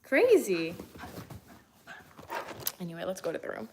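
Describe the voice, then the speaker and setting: A woman's voice: medium pitch, unhurried, long pauses, a little hiss or hum, low-quality recording. Tired young woman streaming from her phone. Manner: tired, rambling, talks to viewers and her dog. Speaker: livestreamer. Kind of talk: casual livestream chat. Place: bedroom at home.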